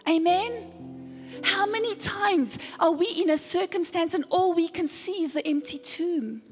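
High-voiced woman preaching in a reverberant hall. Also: unhurried. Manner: dramatic retelling with call-and-response to the congregation. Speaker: pastor. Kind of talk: sermon. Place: church sanctuary. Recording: long church hall reverb with faint music.

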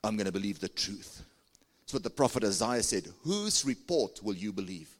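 A man's voice: very animated, normal speed. A male pastor with a South African accent preaching a sermon to his church, urging the congregation to answer and raise their hands. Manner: preaching with big pitch swings, coaxing the congregation.

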